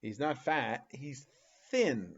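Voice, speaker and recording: A male teacher walks young children through a phonics lesson, speaking very slowly with big, lively swings of pitch. He draws out each sound and asks playful questions about pictures. The recording is slightly dull and lo-fi. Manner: slow, animated, exaggerated sounds for children.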